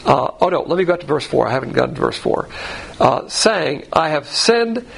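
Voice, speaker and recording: A man's voice: medium pitch, animated, fairly quick, gravelly, breathy edge, poor audio. A man teaching the Bible verse by verse in a blunt, folksy way, full of rhetorical questions and acted-out quotes. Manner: acts out quoted voices.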